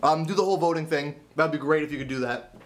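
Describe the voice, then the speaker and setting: A man's voice: fairly high pitch, fast talker. Rambling man telling a vlog story. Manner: rambling, stammering restarts, self-deprecating. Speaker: vlogger.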